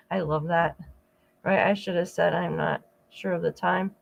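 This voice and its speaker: A woman's voice: on the low side, fairly even intonation, slow pace, creaky, highs cut off. A woman hosting a true-crime channel, giving rambling casual commentary with frequent asides to her viewers. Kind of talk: casual commentary over clips.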